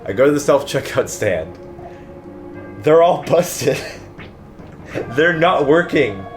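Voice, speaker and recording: A man's voice: medium pitch, expressive, slow pace. A man telling an exasperated, profane story in casual chat while playing a video game with a friend. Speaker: let's play co-host. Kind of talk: casual ranting story over gameplay. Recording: game music playing underneath. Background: game music.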